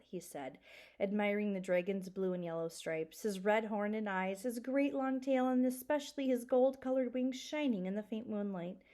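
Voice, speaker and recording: Expressive woman teacher reading aloud. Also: medium pitch, moderate pace. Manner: expressive, asks the class questions. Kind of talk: reading a children's book aloud to a class.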